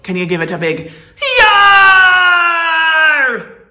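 A woman teaching a children's music and movement lesson at home. She talks in an animated, sing-song way and coaxes the children to join in. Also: lowish voice, moderate pace, roomy sound, distant mic.

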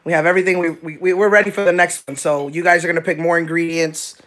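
A man hosting a live cooking stream from his home kitchen, talking excitedly and joking about himself. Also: on the high side, fast talker. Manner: excitable, joking, self-deprecating. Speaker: cooking show host. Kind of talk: casual live-stream chat.

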